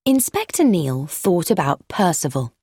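A woman reading a mystery story aloud as narrator, in an expressive reading style. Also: lowish voice, a little slow, husky, no room sound, studio quality. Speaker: audiobook narrator. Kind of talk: scripted narration.

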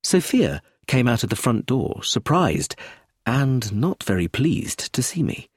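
Husky expressive male storyteller. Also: medium pitch, unhurried, no echo, studio quality. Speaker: audiobook narrator. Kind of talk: first-person storybook narration.

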